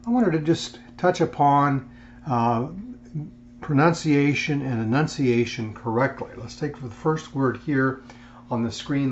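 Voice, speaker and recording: A man gives a recorded lecture in a measured, unhurried way, often pausing on fillers and restarting phrases. His voice sits in a middle range and comes through a slightly muffled, lo-fi recording with a faint hum underneath. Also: mid-range voice. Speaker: instructor.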